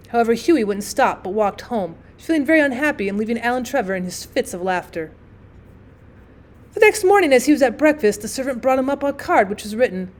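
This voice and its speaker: A woman teacher narrating a classic short story in a clear, expressive audiobook reading. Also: fairly high pitch, brisk.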